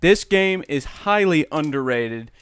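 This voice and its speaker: A man's voice: fairly high pitch, expressive, measured pace, fairly bright tone, clear, resonant tone, no echo. A young American man doing joking let's-play commentary, full of irreverent asides. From United States. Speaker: gameplay commentator.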